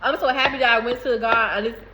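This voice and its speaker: A woman's voice: a little high, fairly even intonation, quick pace, heavy background noise. A woman vlogging to camera in a casual, rambling way, repeating herself and laughing between phrases. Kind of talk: casual spiritual talk to camera.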